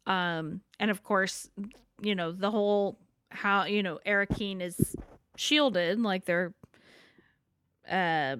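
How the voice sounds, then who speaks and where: A woman's voice: medium pitch, slow, pauses often, fairly bright tone, clear, resonant tone. A woman co-hosting a casual book chat, laughing often and chiming in with short asides. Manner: laughs often and adds short agreeing comments. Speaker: podcast co-host.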